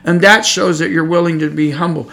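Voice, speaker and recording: Brief: male podcast preacher, fairly high gravelly voice, earnest and emphatic, repeats for stress. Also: steady tone, a little fast, bright, forceful tone. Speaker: podcast Bible teacher. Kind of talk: preaching Bible study. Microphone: podcast microphone.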